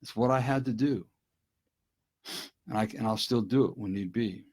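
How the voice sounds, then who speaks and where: A man's voice: fairly low pitch, normal speed, darkish tone, slightly rough. A middle-aged man speaking earnestly and directly to listeners on a casual live stream from his desk at home. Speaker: recovery speaker.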